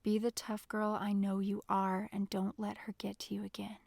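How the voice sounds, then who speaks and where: A woman reading the part of a gentle, encouraging young man in an audiobook, speaking softly and reassuringly. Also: mid-range voice, monotone, normal speed, gravelly, no echo. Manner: soft, hushed and reassuring.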